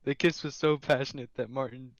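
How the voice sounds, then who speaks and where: A young man reads a silly fan story to his friends, taking it slowly and often laughing. His voice sits mid-range. The sound is dry and close. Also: mid-range voice, fairly even intonation, dry recording, rough recording. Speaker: podcast host reading a fanfic. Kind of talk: casual chat, reading a story aloud.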